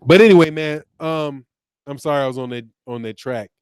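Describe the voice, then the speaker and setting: A man's voice: fairly high pitch, fairly quick, a little mellow, smooth, dry recording. A man hosting a casual boxing livestream, reading the chat aloud and mocking commenters with profane, laughing banter. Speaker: boxing channel host.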